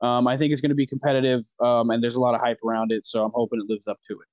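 A man's voice: mid-range voice, little pitch movement, racing, a little mellow, no echo, dull audio. A man co-hosting a casual sports podcast, hesitant and full of ums. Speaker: podcast co-host.

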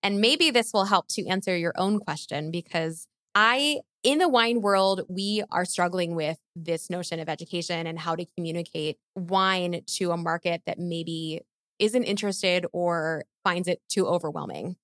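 A woman's voice: fairly low pitch, normal speed, a bit bright, dry recording. A woman asking a question in an earnest, effusive way. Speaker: audience member asking a question. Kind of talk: conversational question.

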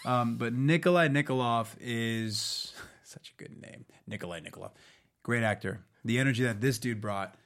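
A man's voice: mid-range voice, moderate pace. A man in his thirties co-hosting a casual show, telling stories with lots of energy and doing goofy voices when quoting people. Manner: animated storyteller, does goofy voices for quotes. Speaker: actor and podcast co-host. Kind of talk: casual chat.

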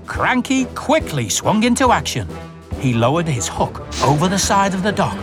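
A woman reading a children's storybook aloud in an expressive, animated way. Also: lowish voice, moderate pace, over music.

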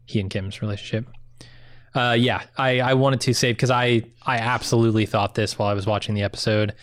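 Excitable guy co-hosting a podcast, swears a bit, mid pitch, dry close mic. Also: quick pace, smooth, no echo. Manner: animated, excitable, swears casually. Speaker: podcast co-host. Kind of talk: casual chat.

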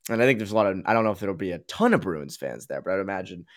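A man's voice: low voice, animated, very fast. A man from the Boston area hosting a casual sports talk podcast, rambling with lots of fillers and restarts. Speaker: podcast host.

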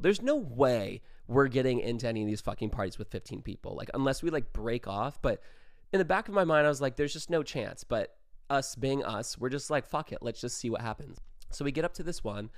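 A man's voice: mid-range voice, expressive, a little fast, dry recording, clean studio sound. A man telling a wild party story in a casual vlog, rambling, swearing and filling with "like". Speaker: vlogger.

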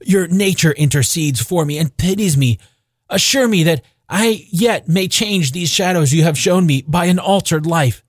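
A man's voice: a little high, very animated, normal speed, hardly any pauses, fairly bright tone, dry recording, clean studio sound. A man voicing an elderly repentant miser, talking in fervent, breathless exclamations for an audiobook. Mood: pleading. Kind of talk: audiobook character reading.

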